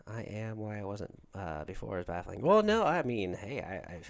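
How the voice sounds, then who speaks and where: A man from Georgia with a Southern accent hosts a relaxed livestream. His voice sits a little low, and he rambles on as he talks to his viewers. He keeps stopping to thank them. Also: normal speed, vocal fry. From Georgia, USA. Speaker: livestream host. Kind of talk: casual livestream chat with viewers.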